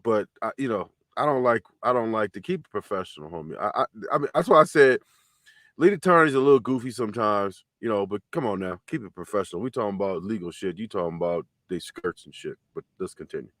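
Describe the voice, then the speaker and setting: A man's voice: on the low side, expressive, fast talker, a bit bright, no room sound, studio quality. A male show host giving casual reaction commentary, laid-back and easygoing, often repeating himself.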